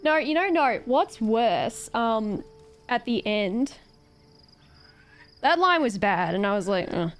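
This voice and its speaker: A woman's voice: a little high, expressive, takes it slowly, long pauses. A woman streamer chatting casually while gaming, ranting animatedly with swearing and laughter.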